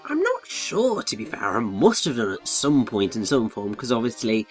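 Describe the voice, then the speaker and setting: Give me a man rambling through a casual game commentary with a very lively pitch. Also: normal speed, soft background music. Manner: rambling, explains at length.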